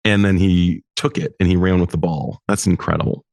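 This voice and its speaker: A man's voice: low voice, steady tone, brisk, creaky, a little mellow, no room sound, studio quality. A man hosting a psychology podcast, reflecting on what his guest says with enthusiastic responses. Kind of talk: interview conversation.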